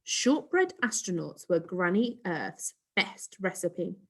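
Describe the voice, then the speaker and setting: A woman's voice: lowish voice, slow pace, slightly rough. Woman reading a children's story aloud. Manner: expressive, asks listeners questions.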